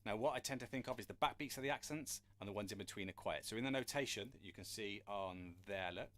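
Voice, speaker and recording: Male drum tutor on a live stream, friendly and chatty, lowish voice, some distance from the mic. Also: quick pace, a bit bright. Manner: chatty, encouraging, asks viewers for questions. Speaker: drum teacher. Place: room with a drum kit. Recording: drums and counting heard behind.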